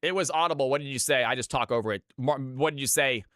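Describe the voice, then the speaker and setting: A man's voice: fast, a bit bright, no room sound, studio quality. A man from Georgia in the US, casting a live game stream with lots of energy and chatting with viewers. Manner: high-energy, hyped.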